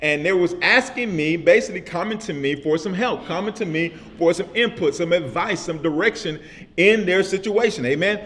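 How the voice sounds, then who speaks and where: Casting: male pastor with a high voice, casual vernacular, repetitive call-and-response sermon delivery. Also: moderate pace, fairly bright tone, slight background noise. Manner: repetitive call-and-response preaching with frequent "amen?".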